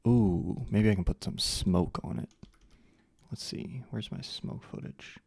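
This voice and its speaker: A man's voice: sits low, measured pace, gravelly, a little mellow, slightly rough. A man hosting a casual live stream, chatting with viewers and muttering to himself as he works. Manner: chats with viewers and mutters to himself while working; many fillers and restarts. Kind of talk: casual live stream chat while editing.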